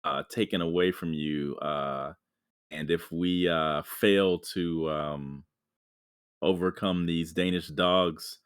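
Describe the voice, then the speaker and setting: Rousing warrior rallying his men, played by a man, deep and slow, halting speech. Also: fairly even intonation, clear, resonant tone, dry recording, clean studio sound. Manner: halting delivery with many fillers.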